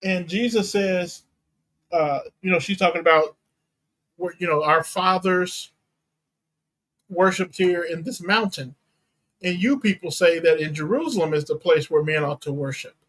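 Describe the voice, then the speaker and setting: A pastor giving a teaching sermon, reading and explaining Bible verses in a deliberate way and unpacking Greek words. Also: male voice, high-pitched, fairly bright tone, low-quality recording. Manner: slow, deliberate Bible exposition with Greek terms.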